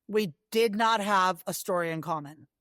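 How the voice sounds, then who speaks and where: Brief: a woman recounting her journey in an interview, chatty and animated, clean dry sound. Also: medium pitch, moderate pace, no room sound. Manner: animated storyteller with frequent asides. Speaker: guest, long-distance horse rider. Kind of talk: casual interview storytelling.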